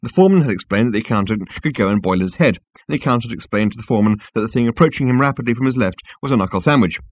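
Husky man, dry studio sound, measured audiobook narration. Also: medium pitch, lively intonation, no room sound.

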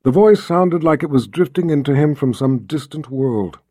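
A man's voice: on the high side, animated, moderate pace, dark tone, slightly rough, dry recording, studio quality. A man reading a fantasy novel aloud as an audiobook narrator, telling the story expressively and voicing every character. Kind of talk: scripted narration.

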